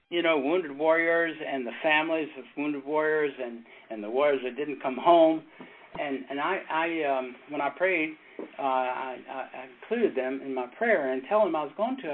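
A pastor and former Navy chaplain teaching a casual Bible study, telling stories in a rambling way, with halting restarts and frequent chuckles. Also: male voice, on the high side. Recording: tinny phone-like sound with faint noise.

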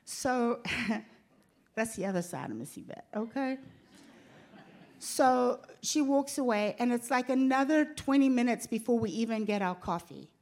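A woman, telling a lively personal story to a church congregation and acting out the voices of the people in it. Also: on the high side, measured pace. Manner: animated, acts out quoted voices. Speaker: pastor's wife telling a story.

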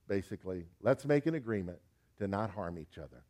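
A man's voice: lowish voice, lively intonation, fairly quick, a little mellow. A man preaching a sermon, folksy and emphatic, urging listeners with direct questions.

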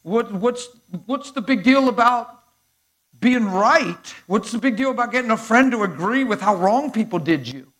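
A man preaching a sermon to a live congregation in an animated, conversational way, acting out dialogue as he goes. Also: very high-pitched, moderate pace. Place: church sanctuary before a live crowd.

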